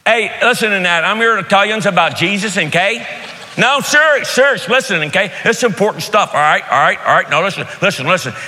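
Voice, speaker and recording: A man voicing a pushy, loud Pittsburgh man with a Pittsburgh accent who keeps repeating himself. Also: high-pitched, expressive, brisk, in a large hall, pitched above the performer's own voice, full character voice. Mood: insistent. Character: loud brash Pittsburgh guy, middle-aged man.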